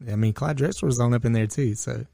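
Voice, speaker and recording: A middle-aged man, co-hosting a casual sports chat and telling stories in a lively, slangy way. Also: medium pitch, fast talker, gravelly, dry recording, clean studio sound. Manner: animated storyteller, slangy, acts out voices. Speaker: podcast co-host.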